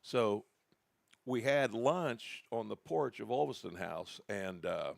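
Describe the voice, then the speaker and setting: A man with a low, heavily gravelly voice tells rambling stories in a relaxed podcast chat. He backs up and restarts as he goes. The sound is dry and close, with no room echo. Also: takes it slowly. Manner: rambling anecdotal storytelling with restarts. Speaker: podcast co-host. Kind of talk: casual storytelling chat.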